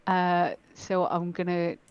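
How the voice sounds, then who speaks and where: A woman's voice: on the low side, level tone, slow pace, smooth, no room sound, highs cut off. A woman playing a tabletop game who describes her moves casually. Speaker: player.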